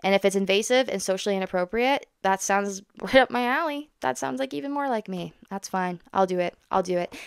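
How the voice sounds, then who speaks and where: A woman vlogging candidly to camera. She talks fast, rambles and swears frankly. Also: medium pitch, vocal fry, clear, resonant tone, no room sound, clean studio sound. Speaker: autism content creator.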